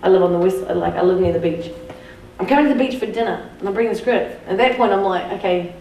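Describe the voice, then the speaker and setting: A young New Zealand woman tells an anecdote to a live audience, cheerfully profane and quick to laugh. Her voice echoes around a cinema auditorium, picked up from a distance over steady room noise. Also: medium pitch. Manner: lively, swears freely, laughs often while telling. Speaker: guest speaker at a film screening. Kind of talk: animated storytelling to a live audience. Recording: echoey cinema taped from far off.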